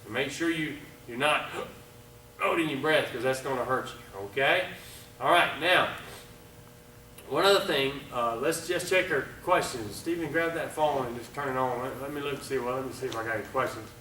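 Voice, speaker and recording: Karate instructor counting in an echoey hall. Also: male voice, mid-range voice, normal speed. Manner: counts moves aloud, loud and energetic. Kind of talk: live class instruction. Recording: echoey room, mic far off, faint noise.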